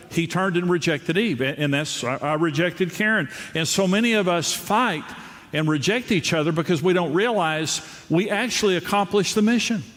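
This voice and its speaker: A man's voice: on the high side, a bit bright. A man preaching a humorous sermon to a live crowd, telling self-deprecating stories about his marriage and often restarting and repeating words. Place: large auditorium before a crowd. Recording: reverberant hall with faint ambience.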